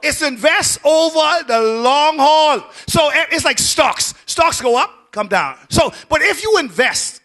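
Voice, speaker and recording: A male pastor, preaching a sermon that swings from shouted peaks down to low, quiet lines. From Bahamas.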